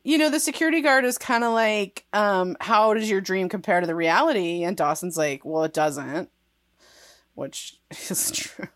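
At a moderate pace and in a mid-range voice, a woman co-hosting a podcast chats through a recap of a TV episode, laughing frequently and leaning on "like" as filler. The audio is studio quality, without any room sound.

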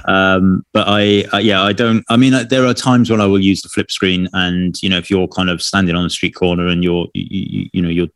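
Low-pitched male podcast co-host, casual and rambling, dry close mic. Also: little pitch movement, brisk, hardly any pauses, a bit bright, no echo. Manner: rambling, self-correcting, chatty.

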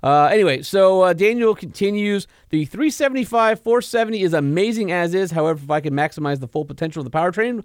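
A man's voice: high-pitched, fast, few pauses, smooth, dry recording, studio quality. A man co-hosting a casual car podcast, reading listener letters aloud with emphasis. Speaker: podcast co-host.

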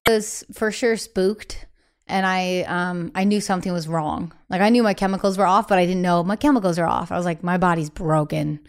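A woman in her thirties, a podcast guest talking candidly in a casual interview, often quoting family members in lively voices. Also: on the low side, brisk, smooth, soft background music.

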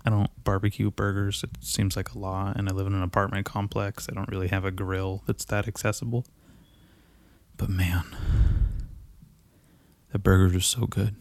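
A low-pitched man rambling through a casual solo monologue, swearing freely and poking fun at himself. He sounds a little out of breath. His voice comes through a desk mic on a boom arm in a dry, close home setup. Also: darkish tone, dry recording. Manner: profane, loose, self-mocking. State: a bit out of breath.

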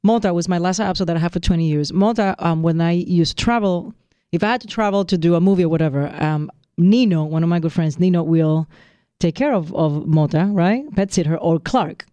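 A man co-hosting a podcast, chatting casually and telling animated stories, acting out quotes. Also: fairly quick, clean tone, dry recording, dull audio. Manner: animated storyteller, acts out quotes in a higher voice. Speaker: podcast co-host. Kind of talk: casual chat.

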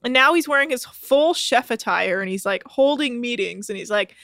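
A woman's voice: on the high side, animated, moderate pace, fairly bright tone, dry recording. A woman co-hosting a podcast who chats casually and retells a TV episode, quoting the people in it. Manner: chatty storytelling, quotes people. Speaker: podcast co-host. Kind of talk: casual recap chat.

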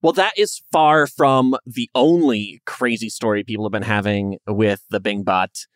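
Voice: medium pitch, unhurried, no echo, clean studio sound. A podcast co-host chatting casually and animatedly, acting out quoted chatbot lines. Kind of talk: casual chat.

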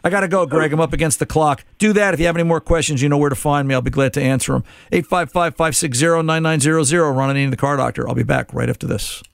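A man's voice: on the high side, fast talker, vocal fry, hardly any pauses, dry recording. A middle-aged man hosting a call-in car-repair radio show, explaining in a casual, conversational way and repeating words while he thinks.

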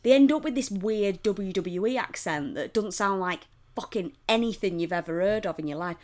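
A young woman chats casually as a podcast co-host. Her pitch swings widely, and she rants and swears freely. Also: normal speed. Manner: animated, sweary, ranting. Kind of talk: casual chat.

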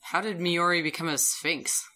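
Bright, wry woman player. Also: on the low side, steady tone, moderate pace. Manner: wry, teasing. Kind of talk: tabletop game play.

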